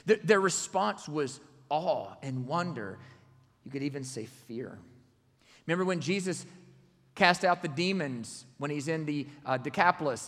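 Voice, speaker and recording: A man preaching a sermon, swinging from loud exclamations to hushed near-whispers. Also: high-pitched, expressive, moderate pace, in a large hall.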